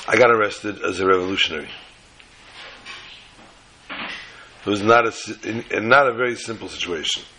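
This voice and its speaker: A man's voice: fairly low pitch, moderate pace, long pauses, sharp tone, a little hiss or hum. A man voicing an emotional grown Jewish man who confides his past, spoken earnestly in his own plain register. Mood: confiding.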